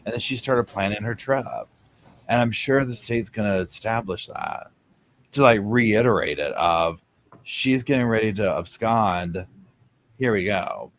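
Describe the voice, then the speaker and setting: A man's voice: on the low side, a little slow. A man giving chatty, sarcastic live commentary over a courtroom stream, acting out what people in the room might be thinking. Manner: chatty, sarcastic, acts out people's thoughts in asides.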